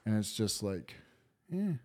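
A man on a casual podcast with a mellow, dark, lowish voice. He talks in a laid-back way, stringing thoughts together with lots of fillers. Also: very animated, measured pace. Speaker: podcast co-host.

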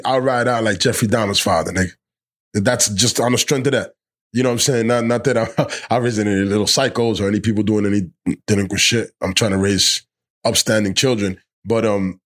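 Profane, slangy man hosting a podcast. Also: on the low side. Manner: loose, profane, animated rants with slang. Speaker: podcast host. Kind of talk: casual chat. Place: outdoors in the cold.

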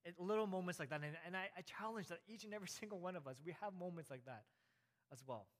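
A man's voice: sits high, quick pace. A man preaching a conversational sermon, laughing lightly and repeating words for emphasis. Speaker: pastor. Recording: hall reverb.

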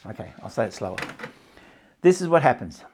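A man's voice: mid-range voice, sing-song, brisk, slight background noise. A man teaching stress relief and better sleep in a live talk to a small audience and a camera, repeating his points and checking that they follow.

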